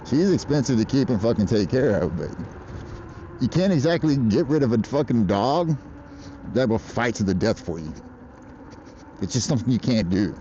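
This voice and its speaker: A man's voice: medium pitch, dark tone, lo-fi sound, slight background noise. An American man livestreaming outdoors, chatting casually in a rambling, profane way and laughing often. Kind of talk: casual live-stream chat. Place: outdoors in traffic on a bike.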